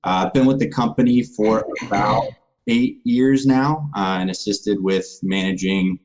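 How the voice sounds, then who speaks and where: A man's voice: fairly low pitch, a little slow, darkish tone, poor audio. A man in his thirties, a project manager and podcast guest, speaking earnestly with many fillers. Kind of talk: casual podcast chat.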